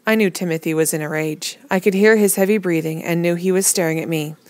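A woman reading a novel aloud in a measured, plain storytelling manner. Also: fairly low pitch, steady tone, dry recording. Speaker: reader.

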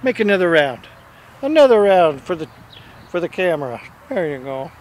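A man's voice: sits high, big pitch swings, moderate pace, a little hiss or hum. A man filming his dogs and coaxing them in sing-song baby talk.

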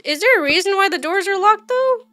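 A woman's voice: very high-pitched, lively intonation, brisk, sharp tone, dry recording. A woman streamer giving casual let's-play commentary, chatty, thinking aloud and quizzing the game characters.

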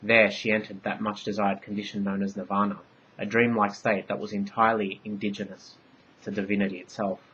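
Man, storyteller, measured ornate narration, lo-fi muffled sound, faint rumble. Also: flat delivery, sharp tone. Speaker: author narrating his story.

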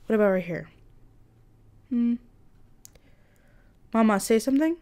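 With a high-leaning, expressive, dark-toned voice that runs a little slow, a young woman chats away at home in a casual vlog. She's testing her new condenser mic, self-amused and talking directly to it.

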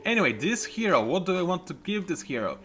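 A man's voice: sits high, very animated, fast, a bit bright. A man, chatting casually and rambling off topic while commenting on a game he plays at home. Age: 20s. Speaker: let's play host. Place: home room.

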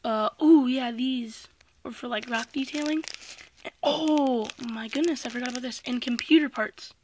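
A woman chatting excitedly through an unboxing vlog, with lots of fillers like "um" and "like.". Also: sits high, normal speed, slight background noise. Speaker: vlogger.

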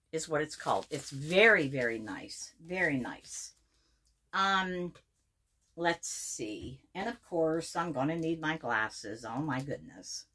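A woman's voice: sits low, fairly bright tone. A middle-aged woman from Pennsylvania reviewing a subscription box in a casual unboxing video, gushing and repeating her words as she reads labels aloud.

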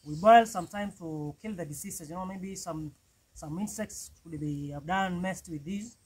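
High-voiced Kenyan man vlogging outdoors. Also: normal speed, husky, poor audio. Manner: chatty, repeats "man" often. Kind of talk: casual cooking vlog. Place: outdoors in a village, cooking on a wood fire.

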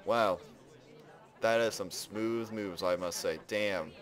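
A man giving casual let's play commentary, excitably exclaiming and narrating what he does in the game. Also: lowish voice, takes it slowly. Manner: excitable, exclaims and narrates his own actions. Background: game music.

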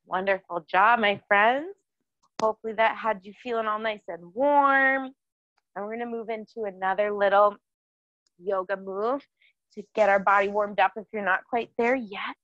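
Kids' yoga teacher, woman, unhurried encouraging chants, close dry lo-fi mic. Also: mid-range voice, dry recording. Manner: cheerful, encouraging, sing-song chanting. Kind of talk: guiding a children's yoga class.

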